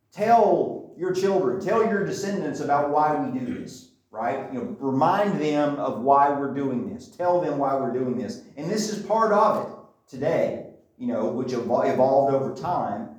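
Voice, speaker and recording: A man leads a Bible class in a casual, conversational way, often pausing to check that his listeners follow. His voice sits at an ordinary pitch for a man. It comes from some distance away and rings around an echoey room. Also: darkish tone. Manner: conversational, with frequent checks like "okay?" and "right?".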